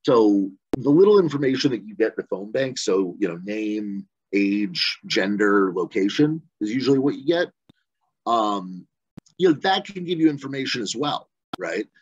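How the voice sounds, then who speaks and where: Over a video call mic in his home, a man coaches volunteers on phone banking during a relaxed virtual session, wandering conversationally and sprinkling in fillers and "right?" asides. He speaks in a lowish, animated voice at a moderate pace. The audio has its highs cut off and a little hiss or hum.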